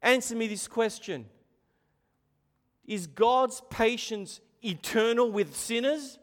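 A man preaching a sermon in a church, impassioned and swinging from hushed, low lines to loud, urgent ones. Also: lively intonation, slow. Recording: long hall reverb.

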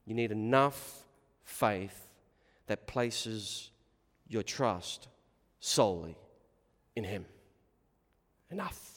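A man preaching a sermon in short, deliberate phrases with long pauses. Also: lowish voice, fairly bright tone, big-room sound.

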